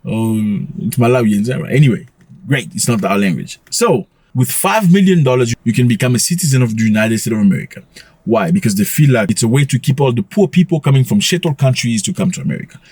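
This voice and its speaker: A man hosting a casual commentary vlog, talking in an animated way, full of rhetorical questions and quick chuckles. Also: mid-range voice, slightly rough, dry recording. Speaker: commentary channel host.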